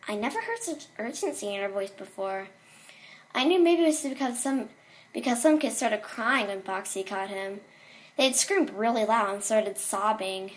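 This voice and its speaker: A woman's voice: medium pitch, lively intonation, moderate pace. A woman reading a horror story aloud in a casual way, with small slips and restarts.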